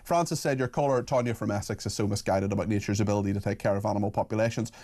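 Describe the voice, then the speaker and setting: Brisk low-voiced radio host, man. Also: fairly even intonation, a little mellow. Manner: brisk, reads messages aloud quickly. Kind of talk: talk radio hosting and reading listener messages. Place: radio studio.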